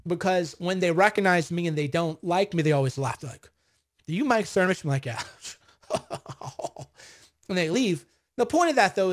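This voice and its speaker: A man in his forties chatting casually on a livestream, reading viewer comments and telling rambling, boastful stories with acted-out quotes. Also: sits high. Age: 40s. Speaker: vlogger answering viewer comments.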